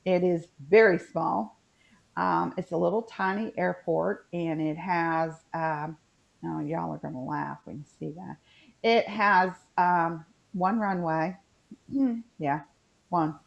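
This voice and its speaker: Co-host, woman, West Virginian accent, low-ish voice, chatty and rambling, dull video-call sound. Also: fairly even intonation, slow pace, gravelly. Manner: chatty, rambling, with frequent ums. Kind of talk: casual chat on a video call.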